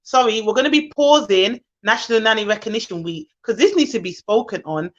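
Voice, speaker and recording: Impassioned high-voiced woman with a Jamaican accent. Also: lively intonation, brisk, muffled recording. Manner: impassioned, indignant. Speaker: nanny podcast host. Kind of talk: casual video chat.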